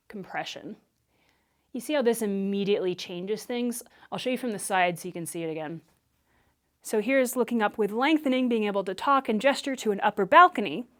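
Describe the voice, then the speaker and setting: A woman Alexander Technique teacher who explains and demonstrates movement for public speaking in a clear, patient way. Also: a little high.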